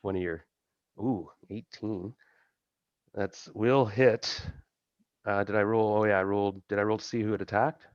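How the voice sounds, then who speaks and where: Low-ish guy gm-ing a tabletop game over a call, muffled dull audio, dry sound. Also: steady tone, moderate pace, long pauses, no echo. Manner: casual, laughing, thinking aloud. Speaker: game master.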